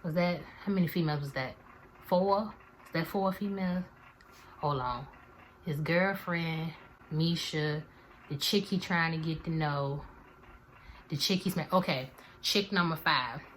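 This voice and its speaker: A woman's voice: low voice, unhurried, long pauses, fairly bright tone, slight background noise. A young woman in her twenties, chatting animatedly to viewers in a slangy storytime vlog. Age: 20s. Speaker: vlogger.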